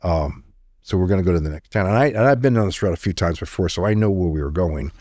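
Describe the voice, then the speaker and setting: Low-voiced man telling a story. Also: fast, no echo, clean studio sound. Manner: animated storyteller who acts out quoted dialogue. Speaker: podcast guest, retired intelligence officer. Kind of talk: storytelling in conversation.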